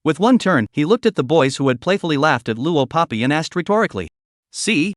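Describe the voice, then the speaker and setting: A man narrating a story recap in a steady reading voice with stiff, literal phrasing. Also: fairly high pitch, quick pace, no room sound, studio quality.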